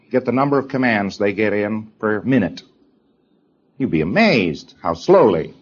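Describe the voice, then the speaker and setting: A man's voice: medium pitch, breathy edge, dull audio. A man lecturing trainees in an emphatic way, repeating his points and mimicking hesitant people as he talks.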